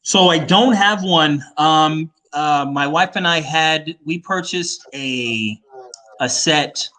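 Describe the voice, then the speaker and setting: Bright-voiced man, halting casual talk. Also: fairly high pitch, low-quality recording. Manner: rambling, halting, many restarts. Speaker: guest. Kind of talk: casual chat.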